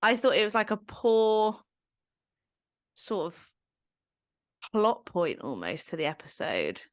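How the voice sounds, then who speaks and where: A woman's voice: mid-range voice, huge pitch swings, slow pace, dry recording, clean studio sound. A woman co-hosting a casual podcast, giving frank, blunt opinions with some mild swearing. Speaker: podcast co-host. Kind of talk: casual recap chat.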